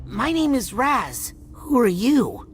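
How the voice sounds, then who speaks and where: A woman's voice: a little high, huge pitch swings, slow, a little hiss or hum, full character voice. Woman voicing Raz, a plucky boy psychic. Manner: inquisitive, quippy. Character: plucky young boy psychic, curious and earnest. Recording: game music playing behind.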